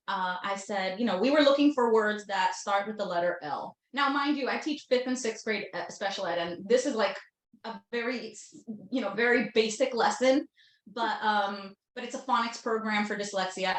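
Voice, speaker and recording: A woman's voice: mid-range voice, normal speed, reverberant, low-quality recording. A woman co-hosting a podcast in casual chat, teasing dryly and telling stories with many um's. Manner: dry teasing, rambling storyteller. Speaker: podcast co-host.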